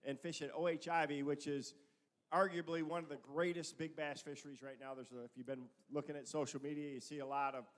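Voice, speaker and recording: A man at a live event casually describing an auction item, relaxed and halting with fillers. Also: on the high side. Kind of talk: casual presentation. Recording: long hall reverb.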